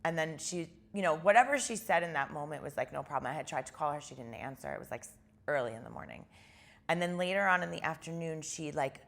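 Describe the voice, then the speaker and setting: A woman with a deep voice and a gravelly, vocal-fry edge, talking as a guest in a casual interview. She retells events in an animated way and fills her sentences with "like.". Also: fast. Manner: animated retelling, heavy use of "like".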